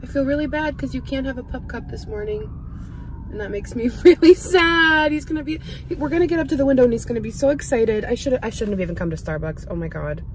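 A woman's voice: on the high side, animated, fast, few pauses, dark tone, a little hiss or hum, rough recording. A young woman chatting casually in a vlog, full of likes and ums, cooing baby talk at her dog now and then. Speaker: lifestyle vlogger.

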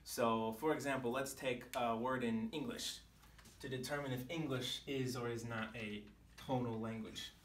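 A man, teaching a language lesson to camera in a clear, patient way, sometimes sounding out syllables at different pitches. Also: steady tone, moderate pace, slight background noise. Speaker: Chinese teacher. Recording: echoey room, mic some distance off.

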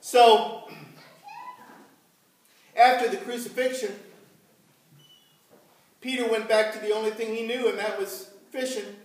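A male pastor preaches in a church, his voice set high for a man. He tells his story slowly and leaves room for the congregation to answer. The sound is very echoey and picked up from some distance. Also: fairly even intonation. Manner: slow, unhurried storytelling with questions to the congregation. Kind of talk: sermon.

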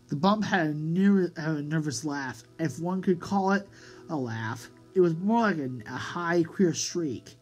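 A woman's voice: deep voice, animated, measured pace, darkish tone, breathy edge, low-quality recording. A woman narrating a children's audiobook expressively, drawing out key words for emphasis. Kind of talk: storybook read-aloud narration. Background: music.

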